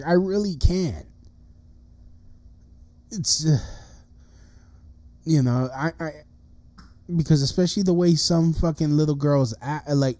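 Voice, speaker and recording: Thirties male streamer, dark, unhurried voice, cursing and agitated in a solo rant. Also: fairly high pitch, no echo. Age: 30s. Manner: profane, agitated ranting with many restarts. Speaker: livestream host. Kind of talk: ranting livestream monologue.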